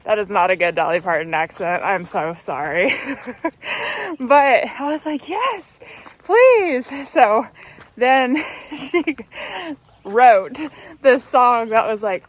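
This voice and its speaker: A woman's voice: mid-range voice, unhurried. A woman vlogging as she walks a mountain trail outdoors, talking casually and upbeat to a handheld camera and laughing easily. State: walking on trail. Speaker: hiking vlogger.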